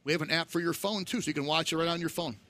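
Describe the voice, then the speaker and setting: A middle-aged man telling animated stories in casual chat, acting out the voices of people he quotes. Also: fairly high pitch, rapid-fire. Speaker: guest.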